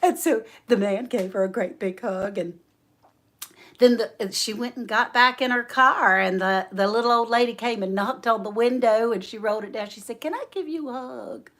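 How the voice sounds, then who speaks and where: A woman hosting a homestead livestream, telling a story in a folksy, animated way. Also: on the high side. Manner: slow, folksy, animated storyteller who laughs often. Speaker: homestead channel host.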